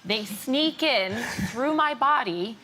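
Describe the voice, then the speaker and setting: A woman, a comedian on a panel show, with a playful deadpan style. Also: high-pitched, slow. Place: TV studio with live audience. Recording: loud audience and studio noise.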